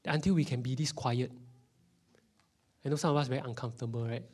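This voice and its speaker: A male pastor with a Singaporean English accent preaches to his congregation in a church hall. His delivery is animated, and he sometimes sinks into a near whisper to make a point. His voice sits at an ordinary middle pitch for a man. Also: fast. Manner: animated, drops into whispers for emphasis. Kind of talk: sermon.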